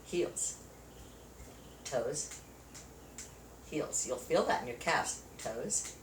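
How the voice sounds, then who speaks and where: A woman with a very deep, expressive voice speaks extremely slowly while leading chair yoga. She counts moves and encourages participants, a little winded, and the audio comes through a distant mic with roomy echo and a faint hiss of noise.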